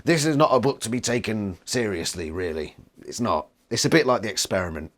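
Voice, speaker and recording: A man's voice: lowish voice, fairly quick. Sarcastic man reviewing a book. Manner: swearing, sarcastic, animated. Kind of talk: casual video review.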